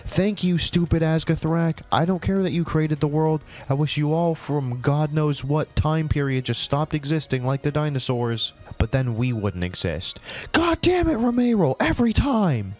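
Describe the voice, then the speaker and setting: A man's voice: a little high, normal speed, hardly any pauses, faint music behind. A man giving a comedic reading of his own old story, voicing every character in turn and breaking off with sarcastic, cringing asides. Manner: sarcastic, cringing outbursts between flat reading. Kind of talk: comedic dramatic reading with commentary.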